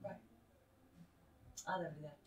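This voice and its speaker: A woman's voice: sits low, fairly even intonation, moderate pace. A woman co-hosting a live show, chatting and teasing in a casual way. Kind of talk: casual live-stream chat. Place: indoor room at home. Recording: echoey room, mic at a distance.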